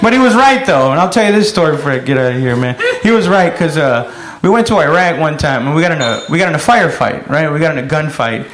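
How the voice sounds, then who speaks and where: A man doing a profane stand-up routine, telling stories and shouting out loud impressions. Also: fairly high pitch, animated, fast, few pauses, a crowd in the background. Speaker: stand-up comedian. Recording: echoey room with loud noise.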